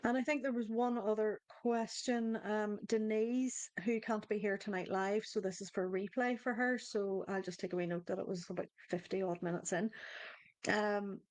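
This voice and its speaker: A woman's voice: medium pitch, fairly even intonation, moderate pace, darkish tone, no echo. Lady running a live coaching circle online, chatty and a bit rambly, talks to folks in the chat, dry sound. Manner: conversational, rambling with restarts, addresses chat viewers by name. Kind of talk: live-stream group coaching talk.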